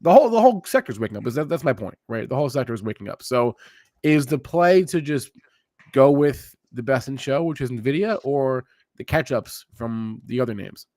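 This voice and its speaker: A man's voice: mid-range voice, lively intonation, brisk, a little mellow, dry recording. A man in a casual market chat show, asking questions with hesitant fillers. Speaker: show co-host.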